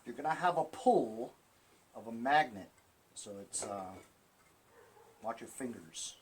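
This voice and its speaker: A chatty man walks viewers through a lawn tractor repair in a workshop, his pitch rising and falling a lot as he talks. Faint ambient noise hangs behind him. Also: animated, slow. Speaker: small-engine repair vlogger. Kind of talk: casual hands-on repair demonstration.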